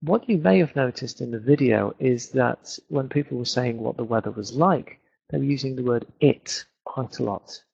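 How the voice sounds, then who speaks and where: A man's voice: mid-range voice, moderate pace, gravelly, darkish tone, breathy edge, dull audio. A British man teaching English in a webinar lesson, explaining points and repeating words to show where the stress falls. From Britain.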